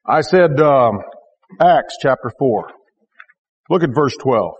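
A man's voice: medium pitch, lively intonation, slow pace, in a large hall, lo-fi sound, slight background noise. A man pastor preaching a sermon to his congregation, emphatic and repetitive, with joking asides. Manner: emphatic, repeats key phrases with rising intensity. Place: church.

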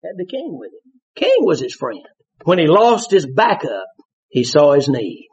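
A man preaching a sermon, animated, bursting into shouts and laughter as he tells his stories. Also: a little high, measured pace. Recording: dull lo-fi sermon recording.

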